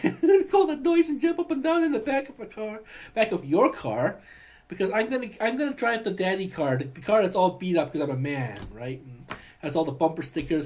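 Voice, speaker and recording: A man recording a rambling, affectionate personal video message, talking in halting bursts full of restarts and calling his partner honey. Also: high-pitched, a little mellow. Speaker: vlogger.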